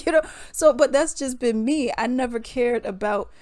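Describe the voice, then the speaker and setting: A woman's voice: high-pitched, unhurried, a little mellow, no echo, clean studio sound. A young adult woman vlogger telling a casual story to her viewers, chatty and laughing often. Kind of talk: casual storytime and reaction commentary.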